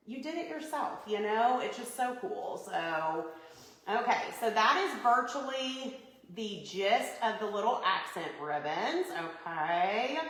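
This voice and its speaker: A woman's voice: fairly high pitch, roomy sound, rough recording. A woman hosting a live Christmas decorating tutorial, chatty and upbeat, greeting viewers by name. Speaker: home decor livestream host. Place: home living room by a Christmas tree.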